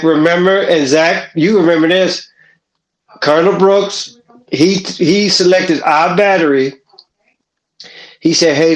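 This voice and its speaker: A man with a fairly high voice speaks very slowly and with care as he recalls his soldiers. He calls on his old comrades by name. His voice carries a roomy echo. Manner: slow, deliberate, addresses comrades by name. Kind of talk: casual reminiscing.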